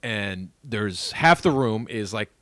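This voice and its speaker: A man's voice: on the low side, expressive, takes it slowly, a bit bright, dry recording. A man, a comedian co-hosting a podcast, telling a story in loose casual chat with lots of "like".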